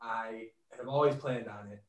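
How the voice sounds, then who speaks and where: A man's voice: medium pitch, normal speed, reverberant, distant mic. A man hosting a casual podcast, joking and laughing often. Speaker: podcast host.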